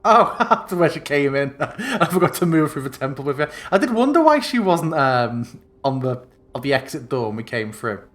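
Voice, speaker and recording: A man's voice: fairly high pitch, very animated, normal speed, hardly any pauses, a bit bright. Laid-back male game master. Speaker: dungeon master. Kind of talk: narrating a tabletop game.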